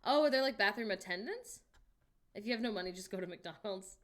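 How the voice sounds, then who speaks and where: Hosting a casual stream, a young American woman speaks fairly quickly in an expressive, medium-pitched voice. She reads out chat messages, joking and laughing frequently amid incredulous reactions.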